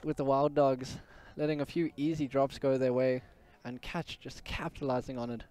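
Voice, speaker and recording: A man giving quick, chatty color commentary at an outdoor match, out of breath. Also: mid-range voice, flat delivery, darkish tone. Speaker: sports co-commentator. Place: outdoors at a sports field.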